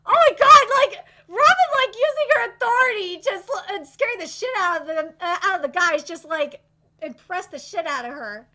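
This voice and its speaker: A woman streamer reacting live while reading a manga, excitable and gushing, swearing casually. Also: extremely high pitch, normal speed.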